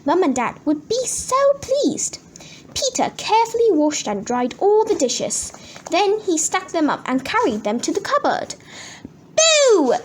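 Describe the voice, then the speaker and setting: A woman reading a children's storybook aloud with expressive, animated narration. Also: very high-pitched, unhurried, a little hiss or hum. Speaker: storybook reader.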